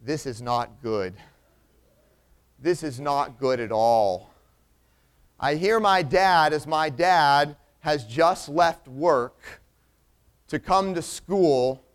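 Guy preaching, telling a story all lively, kinda high smooth voice. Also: takes it slowly, pauses often. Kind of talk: storytelling sermon illustration.

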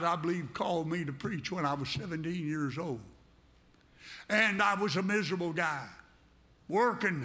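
A man's voice: high voice, bright, forceful tone. A man preaching a sermon to a congregation, fervent and direct, repeating phrases for emphasis.

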